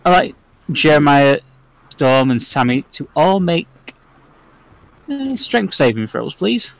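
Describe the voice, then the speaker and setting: A man narrating as the game master of a tabletop game, describing the scene in a measured way. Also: on the high side, big pitch swings, creaky, poor audio.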